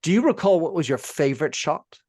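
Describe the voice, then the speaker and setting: A man hosting a podcast in a casual interview, upbeat with quick affirmations. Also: fairly high pitch, animated, a little mellow, no echo, clean studio sound. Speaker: podcast host.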